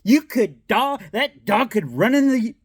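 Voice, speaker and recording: A man voicing a fussy, worried middle-aged woman who scolds a stranger slowly and insistently. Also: very high-pitched, sing-song, breathy edge, no room sound, studio quality, voice pushed up, heavily acted. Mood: scolding. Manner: slow, scolding, fretful.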